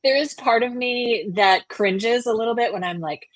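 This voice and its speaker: A woman's voice: fairly high pitch, normal speed, hardly any pauses, dry recording. A middle-aged woman hosting a livestream on a video call, playful and self-mocking in casual chat. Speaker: livestream host.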